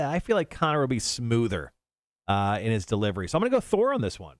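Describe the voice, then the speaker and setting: A man's voice: fast, dry recording, studio quality. A man hosting a morning radio show, playfully guessing answers in a quiz. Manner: playful, animated, jumps up in pitch in surprise. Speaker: radio host taking a quiz. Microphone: studio microphone.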